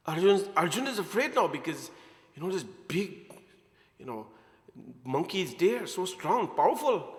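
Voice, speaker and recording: A man telling a devotional story as a sermon, animated and chuckling, mixing in Hindi words. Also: high voice, a little slow. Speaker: preacher. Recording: echoey hall reverb.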